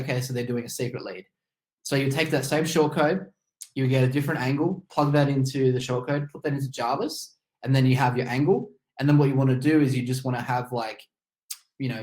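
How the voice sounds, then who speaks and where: On a video call, a webinar presenter casually explains steps in a screen-share, using plenty of fillers because his mouth is still numb after having a tooth pulled. His pitch is medium and the audio is poor.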